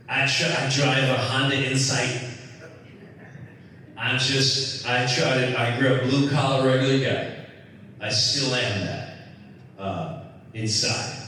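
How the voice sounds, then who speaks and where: A middle-aged male comedian tells a rambling story in a bright, forward voice, at an unhurried pace. He sits far from the mic in a hall with a long, echoing reverb. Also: mid-range voice, slight background noise. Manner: rambling, animated, acts out voices. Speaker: comedian host. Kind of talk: comic storytelling. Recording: echoey room from far off.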